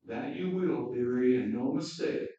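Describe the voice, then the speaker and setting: A man's voice: mid-range voice, measured pace, dark tone, lightly acted. A man voicing a homely, motherly female talking beaver in a storybook reading, recorded from afar in an echoey hall. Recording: dull echoey hall from far off.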